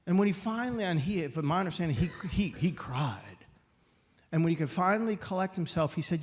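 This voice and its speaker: A male guest speaker telling a story in a sermon at a spiritual center, animated and often restarting phrases, in an echoey hall. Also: high voice, fairly quick. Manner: animated, voicing characters, frequent restarts.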